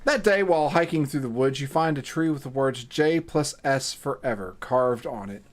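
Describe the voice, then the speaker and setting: A man's voice: medium pitch, fairly quick. A man streaming live, reading a game's text aloud in a casual, chatty way with swearing and asides.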